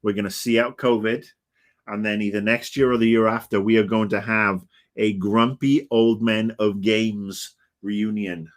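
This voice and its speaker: Man, fifties, low voice, rambling, grumpy, swears a lot, casual stream chat. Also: steady tone, measured pace. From Britain. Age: 50s. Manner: rambling, grumpy and profane, with many fillers. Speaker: livestream host.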